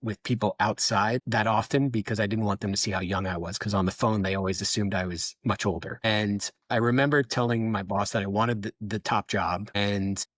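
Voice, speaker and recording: A middle-aged man with a fairly low voice speaks candidly, telling stories from his career with a self-deprecating edge. The sound is dry and close, with no room around it. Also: steady tone, a little fast, hardly any pauses, no echo. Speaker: photographer, podcast guest. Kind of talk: reflective interview talk.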